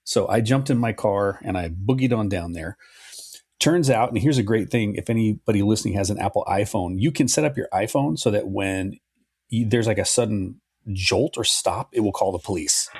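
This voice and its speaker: Low husky-voiced man telling a story. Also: normal speed, no echo, clean studio sound. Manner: relaxed storytelling, swears freely. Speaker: podcast co-host. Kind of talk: casual podcast chat.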